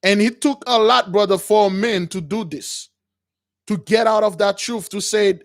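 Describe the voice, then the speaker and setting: A high-pitched man at normal speed hosts a call-in show, recorded in studio quality with no echo. He preaches to callers emphatically and repetitively, constantly addressing listeners as brothers.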